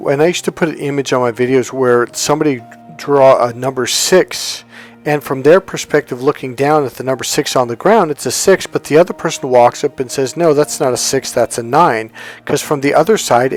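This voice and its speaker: A man's voice: medium pitch, fairly quick, faint music behind. Rambling self-help coach, man. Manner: rambling storyteller, restarts and acts out quotes. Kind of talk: casual talk to camera.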